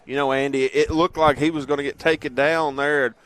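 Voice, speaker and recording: A man doing color commentary for a high school football game, plain-spoken and analytical, leaning on "you know". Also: little pitch movement, brisk, a bit bright.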